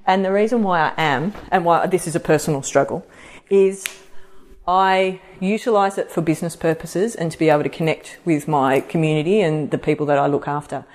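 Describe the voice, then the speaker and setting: A woman's voice: low voice, a little fast. A middle-aged woman hosting a podcast, talking casually to an audience and acting out quoted voices. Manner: chatty, animated, acts out quoted voices. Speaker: podcast host and practitioner. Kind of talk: casual live talk to an audience.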